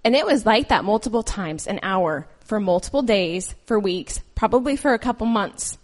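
A woman's voice: mid-range voice, lively intonation, moderate pace. A woman reading scripture aloud, then preaching in an earnest, conversational way with personal stories. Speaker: lay preacher.

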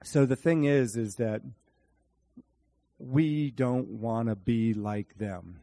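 A man preaching a sermon, animated, speaking to his congregation by name and acting out Bible scenes in different voices. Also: medium pitch, slow, creaky.

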